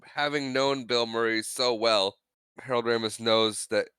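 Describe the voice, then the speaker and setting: A man's voice: medium pitch, fairly even intonation, measured pace, sharp tone, clean tone, no echo. A man co-hosting a podcast, casually recapping a movie scene by scene and acting out the characters' lines. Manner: retells scenes acting out quotes. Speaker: podcast co-host.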